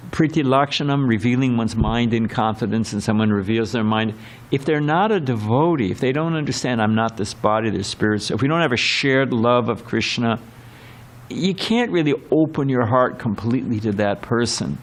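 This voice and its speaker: A man giving a temple scripture class in a rambling, conversational way, full of asides and acted quotes. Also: medium pitch. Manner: rambling and conversational, many fillers and quoted voices. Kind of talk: temple sermon lecture. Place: temple hall.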